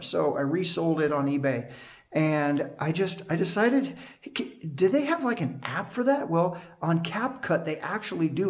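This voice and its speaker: A middle-aged man chatting casually to his vlog camera, rambling from story to story and laughing often. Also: sits high. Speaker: vlogger and night guard. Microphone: action camera.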